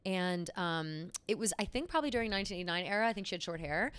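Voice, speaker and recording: A woman's voice: lowish voice, lively intonation, fast, fairly bright tone, clear, resonant tone, no echo. A young woman co-hosting a podcast, telling stories in casual chat and rambling with lots of fillers. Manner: chatty, rambling storyteller with many fillers. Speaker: podcast co-host.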